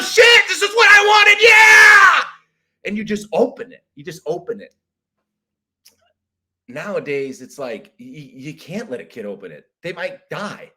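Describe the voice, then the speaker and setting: Bright-voiced man ranting profanely. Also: on the high side. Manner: profane, exasperated, jumps into loud shouted impressions. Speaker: podcast host. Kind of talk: comedic monologue rant.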